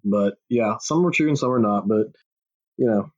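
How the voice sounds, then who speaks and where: A man's voice: lowish voice, moderate pace. A man with a Texan accent, chatting casually as a podcast host, rambling, swearing freely and poking fun at himself. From Texas. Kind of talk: casual chat. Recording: dull lo-fi audio.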